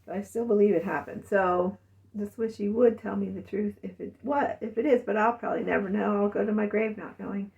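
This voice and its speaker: A woman's voice: mid-range voice, steady tone, brisk, gravelly, darkish tone, recorded from a distance, muffled recording. A middle-aged woman talking through a rambling, emotional personal monologue, sometimes mimicking her family's words. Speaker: vlogger.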